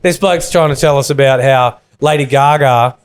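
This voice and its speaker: A man's voice: mid-range voice, moderate pace, clear, resonant tone. A man co-hosting a podcast, telling rambling travel stories with heavy swearing. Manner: rambling storytelling, heavy swearing, laughs easily. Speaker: podcast co-host. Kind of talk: casual chat.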